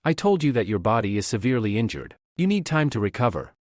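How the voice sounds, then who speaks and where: A man's voice: mid-range voice, big pitch swings, quick pace, dry recording, natural voice. Cocky young alchemist hero from a comic, guy narrator doing him, chill and self-assured, dry sound. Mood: confident.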